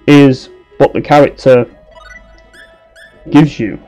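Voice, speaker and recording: A man's voice: mid-range voice, steady tone, slow pace, dark tone, faint music behind, low-quality recording. A young man giving sarcastic, sweary commentary while playing a game. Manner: ranting, swears a lot, sarcastic. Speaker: let's play commentator. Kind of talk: casual gameplay commentary.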